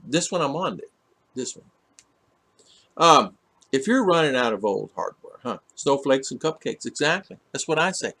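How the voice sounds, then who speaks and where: A man's voice: mid-range voice, animated, normal speed, sharp tone. A man hosting a casual livestream, reading viewer comments aloud and rambling through them with many fillers and restarts. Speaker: livestream host reading chat. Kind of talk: casual live chat. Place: home in the Philippines.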